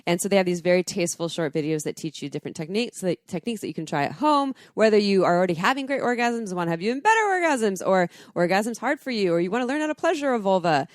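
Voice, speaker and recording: A woman co-hosting a podcast in casual chat, chatty and quick to laugh. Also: medium pitch, dry recording, studio quality. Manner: giggly, chatty, lively. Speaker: podcast co-host.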